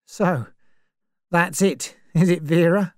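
A woman narrator voicing a cold, dangerous man who speaks slowly and menacingly, in a story reading. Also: fairly low pitch, darkish tone, no echo, studio quality, pitched above the performer's own voice. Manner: slow, dangerous.

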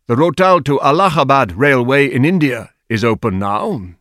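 A man reading the part of a keen gentleman, listing things with eager emphasis. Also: medium pitch, lively intonation, moderate pace, no room sound, studio quality, lightly acted. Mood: eager, emphatic. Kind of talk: audiobook character reading.

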